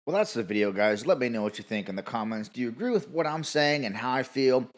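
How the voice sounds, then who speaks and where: A man's voice: mid-range voice, expressive, fast talker. A man giving a heated, sarcastic opinion rant about gaming, swearing often. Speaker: gaming commentator.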